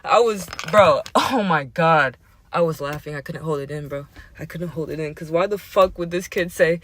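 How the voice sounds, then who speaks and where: A man hosting a casual show, telling a story in an animated, slangy, profane way, often laughing. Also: a little high, moderate pace, dry recording. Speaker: host.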